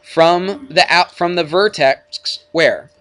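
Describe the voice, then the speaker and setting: A man's voice: fairly high pitch, slow pace, a bit bright. A male math teacher lecturing a class in a classroom, chatty and jokey, bantering with his students.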